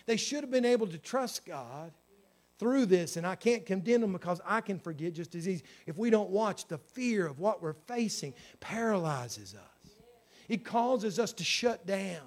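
A man preaching a sermon, moving between loud exclamations and quiet, hushed asides. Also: high voice, animated, moderate pace. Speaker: pastor.

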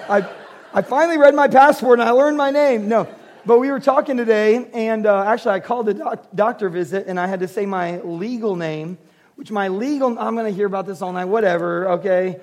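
High-voiced man preaching with humor. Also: brisk, a little mellow. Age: 40s. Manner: humorous storytelling, earnest preaching. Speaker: pastor. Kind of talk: sermon.

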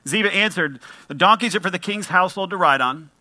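A man preaching a sermon with a very bright, ringing voice that sits a little high. He moves between easygoing talk to the congregation and emphatic scripture reading. The sound is dry and close, with no room echo. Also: fast talker. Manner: conversational preaching, reads scripture aloud with emphasis. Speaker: pastor.

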